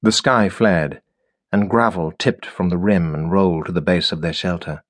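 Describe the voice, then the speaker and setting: A man reading a science fiction audiobook in a measured, steady storytelling manner. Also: sits low. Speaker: audiobook narrator. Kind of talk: scripted narration.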